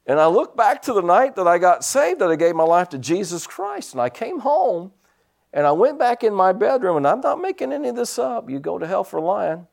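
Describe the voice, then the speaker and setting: A man's voice: sits high, brisk, creaky. A man preaching a sermon, telling personal stories and punctuating them with amens and hallelujahs. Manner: animated storytelling with frequent amens and hallelujahs.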